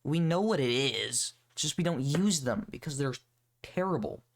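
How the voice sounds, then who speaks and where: A man's voice: on the high side, lively intonation, normal speed, gravelly. Young dude rambling on his podcast, lots of swearing, sarcastic, all over the place. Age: young adult. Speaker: podcast host. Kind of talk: casual solo rant.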